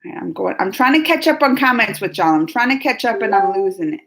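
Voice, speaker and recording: A woman hosting a casual live-chat video, reading viewers' comments in an animated, playful way and laughing often. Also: mid-range voice, fast talker, gravelly.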